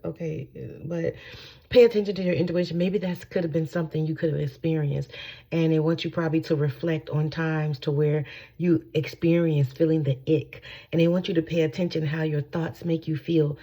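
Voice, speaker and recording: A woman with a low, gravelly voice talks from home in a loose spiritual teaching. She rambles, swears freely and keeps checking in with her listeners. Her tone is dark and a little husky. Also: fairly even intonation, moderate pace. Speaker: spiritual channeler. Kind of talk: casual spiritual teaching talk.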